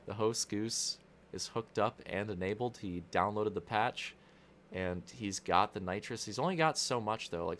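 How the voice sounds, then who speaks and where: A young man commentates a video game race in a casual, rambling way, full of jokes and crude asides. His voice sits a little low. There is a faint hiss of noise underneath. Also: fairly bright tone.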